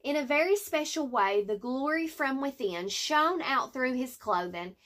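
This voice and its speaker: A woman teaching a Bible story lesson, reading slowly and deliberately with fillers and self-corrections. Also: high voice, lively intonation, fairly bright tone.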